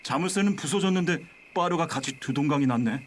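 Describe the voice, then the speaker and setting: A man's voice: on the high side, racing, noisy background, close to an everyday voice. An actor voicing a boastful, brash young man in a story game. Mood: cocky. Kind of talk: game character dialogue.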